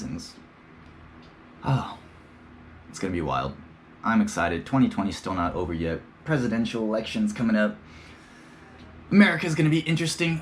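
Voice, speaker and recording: A man's voice: on the low side, slight background noise. A young man hosting a podcast, talking in a rambling, slangy, profane casual monologue and slipping into playful impressions. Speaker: podcast host.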